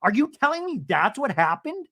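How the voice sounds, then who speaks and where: A man voicing an outraged, indignant reality-TV woman, emphatic and loud. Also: very high voice, very animated, moderate pace, no room sound, studio quality, pitched above the performer's own voice, full character voice.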